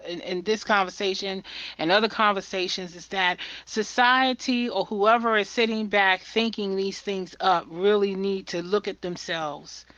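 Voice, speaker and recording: A woman's voice: medium pitch, fairly even intonation, moderate pace, a bit bright, no echo. Fired-up woman podcast host, muffled. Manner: fervent, preachy, repeats words. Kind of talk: impassioned podcast conversation. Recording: dull muffled audio.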